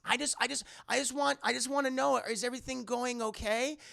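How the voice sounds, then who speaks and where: A man's voice: very high voice, fairly even intonation, fairly quick, creaky, bright, forceful tone, voice pushed up, full character voice. A man putting on a coaxing grandmotherly medium. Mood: tender. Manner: coaxing, tender, stammering. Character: kindly older female medium, soothing grandmotherly.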